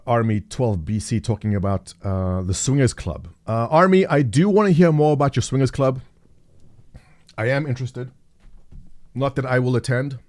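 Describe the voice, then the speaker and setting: This middle-aged man hosts a live stream, his medium-pitched voice darkish in tone. He chats casually and jokily with viewers, rambling along, thinking aloud, and reading the chat.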